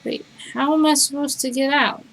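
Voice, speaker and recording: A woman's voice: sits high, steady tone, normal speed, poor audio. Chatty woman streaming a game. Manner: chatty, reacts out loud and talks to her cat. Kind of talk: live let's-play, reading game text aloud and chatting.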